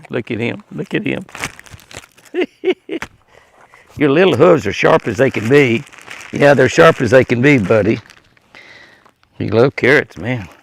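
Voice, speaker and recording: Older man, folksy ranch vlogger, gravelly tone, recorded outdoors. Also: medium pitch, a little hiss or hum. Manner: chatty, folksy, chuckles often, talks to animals. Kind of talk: casual outdoor vlog narration. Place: outdoors by an animal pen at dusk.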